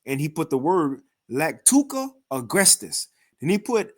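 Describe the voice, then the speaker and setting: A man with a somewhat high voice gives loose, conversational scripture commentary. He reads passages aloud and breaks in with animated, mocking asides, often stumbling over and repeating his words. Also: moderate pace. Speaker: scripture teacher reacting to another video. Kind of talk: informal scripture commentary with readings.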